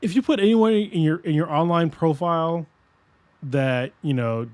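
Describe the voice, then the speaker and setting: A man's voice: fairly high pitch, normal speed, no echo. Rambling, profane man in his forties. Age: 40s. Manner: rambling, profane and animated, with many restarts. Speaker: podcast host. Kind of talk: casual chat.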